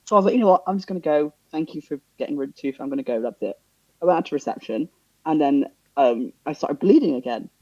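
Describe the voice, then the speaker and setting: A young Englishman tells a story to his podcast co-hosts and keeps breaking into the voices of the people in it, with sudden high jumps and laughter. His voice is mellow and a little husky. The sound is dry and dull. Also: fast talker, dry recording. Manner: animated, acts out dialogue with big pitch jumps and laughter. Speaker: podcast co-host. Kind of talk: casual storytelling.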